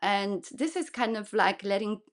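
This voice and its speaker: A woman with a Polish accent that has picked up English tones. She talks earnestly and practically as a podcast guest, now and then searching for the right word. Her pitch sits in the middle. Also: expressive, measured pace. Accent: Polish mixed with English. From Poland. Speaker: guest, kids ministry leader. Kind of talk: casual podcast interview.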